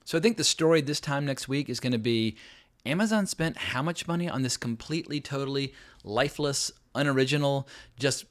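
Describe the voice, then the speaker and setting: A man's voice: medium pitch, lively intonation, brisk. A middle-aged man hosting his own film review channel, giving a blunt, emphatic and sarcastic verdict on a new show. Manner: sarcastic asides. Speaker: film critic, channel host. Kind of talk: opinionated video review.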